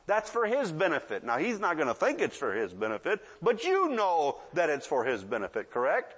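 Older guy preaching, kinda high voice, chatty, keeps asking the crowd "yeah?". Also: wildly swooping pitch, normal speed, a bit bright, breathy edge. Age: 60s. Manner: conversational, often asks the audience "yeah?"; acts out children's voices in asides. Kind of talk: sermon.

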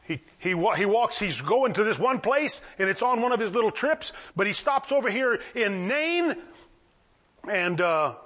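A man preaching a sermon, retelling stories with lively acted-out voices for the people in them. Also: high voice, slightly rough. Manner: animated, acts out the people in the stories. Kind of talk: sermon, storytelling.

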